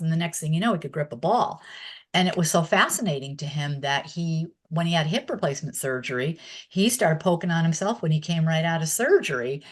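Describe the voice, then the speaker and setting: A woman being interviewed, chatting casually as she recalls old stories and laughing often. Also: low-pitched. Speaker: interview guest.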